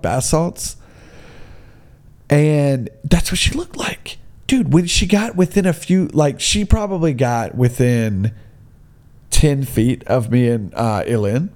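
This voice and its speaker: A man tells a story in a casual, ranting way. He is blunt and excitable, and his pitch leaps around a lot. He keeps tossing in "dude" as he goes.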